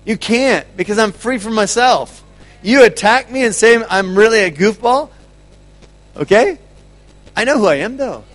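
A man with a high voice gives an animated teaching talk to a gathered group. He laughs often and stumbles over repeated words as he tells his stories. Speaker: ministry speaker.

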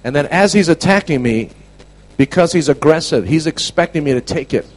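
A man preaching a storytelling sermon to a class, animated, dropping to a hush and then shouting. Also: on the high side, fairly quick, poor audio. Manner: animated, swings from hushed to shouting.

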